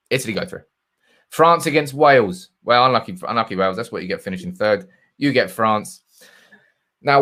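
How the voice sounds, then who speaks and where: A man of medium pitch hosts a live football stream, talking loosely and off the cuff. He reads out names and picks from the chat as he goes, in an easy, chatty manner. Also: fairly bright tone. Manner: chatty, reading viewer comments aloud. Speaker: football channel host.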